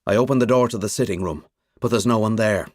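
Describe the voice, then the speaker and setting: A man's voice: on the low side, fast, no echo, clean studio sound. A man narrating a suspense audiobook in the first person, telling it dramatically. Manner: expressive, dramatic storytelling.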